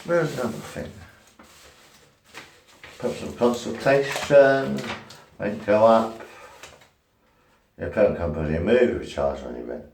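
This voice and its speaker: Man, 50s, slow, swearing ranter, recorded in an echoey room. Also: lowish voice, animated, gravelly, a little mellow, a little hiss or hum. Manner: agitated, swearing heavily. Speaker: vlogger. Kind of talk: angry personal rant to camera. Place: his own flat, indoors.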